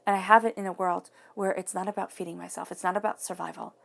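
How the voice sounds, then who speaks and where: A woman's voice: on the low side, fairly even intonation, fast, creaky, a bit bright. A woman giving an earnest, encouraging tarot reading to viewers, repeating phrases for emphasis. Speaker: tarot reader.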